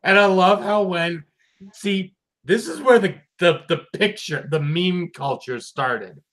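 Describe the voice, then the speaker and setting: While reviewing an episode of a cartoon, a man talks casually in a high voice at a slow pace. He's animated, acts out lines from the show, and swears freely.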